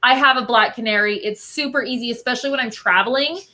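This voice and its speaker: A woman's voice: a little high, fast, sharp tone. A woman guest chatting casually and bubbly, answering viewer questions about cosplay. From Albuquerque. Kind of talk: casual chat.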